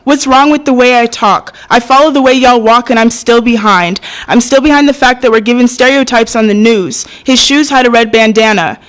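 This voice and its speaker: A woman's voice: fairly high pitch, normal speed, hardly any pauses, poor audio. Young woman reciting spoken word poetry. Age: young adult. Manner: hesitant and soft-spoken between poems, passionate when reciting. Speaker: open mic poet. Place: open mic venue.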